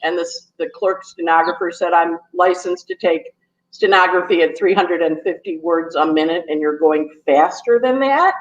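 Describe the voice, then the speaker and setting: A woman astrologer chatting casually as a guest, telling a story quickly and acting out the people in it. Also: lowish voice. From New York. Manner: talks fast when nervous, acts out quotes. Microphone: phone on a call. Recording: echoey, dull phone audio.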